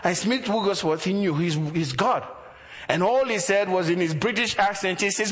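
A man's voice: sits high, fairly quick, a bit bright, long reverb tail. A man preaching a sermon as a pastor, building emphasis through repeated phrases.

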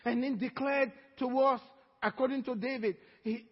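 High-voiced preacher in a reverberant hall. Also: male voice, fairly even intonation, slightly rough, lo-fi sound. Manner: preaching with call-and-response, drawn-out emphatic phrases. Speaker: pastor. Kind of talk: sermon. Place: church hall.

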